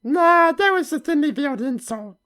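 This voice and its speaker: A woman's voice: high-pitched, animated, moderate pace, a bit bright. A woman voicing a cheeky talking horse and a cranky crow in a comedy sketch, sassy and teasing. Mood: mocking.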